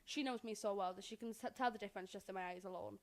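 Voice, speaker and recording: A woman co-hosting a podcast, telling a story in casual, animated chat and swearing freely. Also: mid-range voice, racing. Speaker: podcast co-host.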